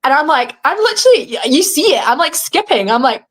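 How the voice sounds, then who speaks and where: A young woman with an English accent, a reality show contestant telling her story at home in a casual interview, animated and swearing as she acts out what others said. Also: high-pitched, fast talker, hardly any pauses. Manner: animated, swearing, acting out quoted dialogue.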